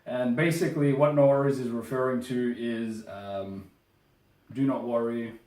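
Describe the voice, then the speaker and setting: A man's voice: mid-range voice, fairly even intonation, moderate pace, warm tone. A young Australian man with an Australian accent, co-hosting a casual chat and explaining slang in a playful, mock-formal way. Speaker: co-host. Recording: roomy, distant mic.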